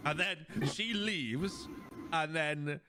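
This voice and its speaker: A young man hosting a casual podcast chat, rambling and animated as he retells scenes. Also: a little high, slow pace, very noisy. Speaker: podcast host.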